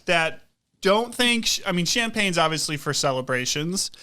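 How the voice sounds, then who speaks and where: A man's voice: high-pitched, lively intonation, normal speed, pushed and bright, slight background noise. Dry-humored man co-host. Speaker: podcast co-host. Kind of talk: casual chat.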